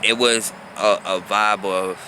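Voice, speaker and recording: A man's voice: fairly low pitch, steady tone, slow pace, background noise. A man in his thirties from South Florida, telling a casual story about his teenage years in a loose, conversational way and often asking "you feel me?". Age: 30s. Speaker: vlogger.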